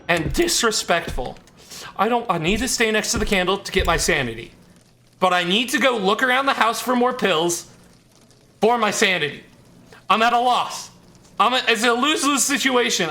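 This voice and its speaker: In a high-pitched, pushed and bright voice, a man gives live horror game commentary, talking jitterily to himself and the game and repeating lines when afraid.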